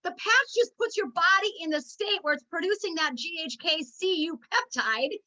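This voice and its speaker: High, bright-voiced passionate woman. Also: lively intonation, normal speed, poor audio. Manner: passionate, preachy, emotional. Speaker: network marketing team leader. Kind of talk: motivational meeting talk.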